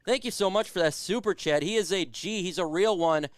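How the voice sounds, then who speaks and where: A man's voice: high voice, fairly quick, a bit bright, smooth, dry recording, clean studio sound. A man hosting a casual sports live stream who hypes the chat and reads out viewer comments. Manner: hypes chat, reads super chats aloud.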